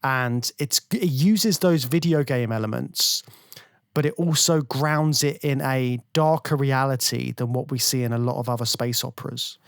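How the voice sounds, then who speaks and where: A man's voice: mid-range voice, moderate pace, gravelly, smooth, dry recording. Dry-sounding male podcast co-host. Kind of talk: casual film discussion.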